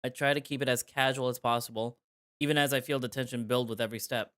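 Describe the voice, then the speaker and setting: A man's voice: medium pitch, fairly even intonation, fast talker, a bit bright, clear, resonant tone, no room sound, clean studio sound. Man narrating a visual novel casually. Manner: casual, joking asides between narration. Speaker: streamer reading a visual novel. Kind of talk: live visual novel reading with commentary.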